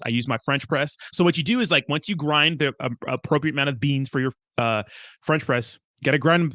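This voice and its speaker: A young man with a mid-range, sharp-toned voice hosts a crypto livestream in dry, studio-quality sound. He chats casually, reads viewer comments and rambles with lots of swearing, sounding loose and chummy.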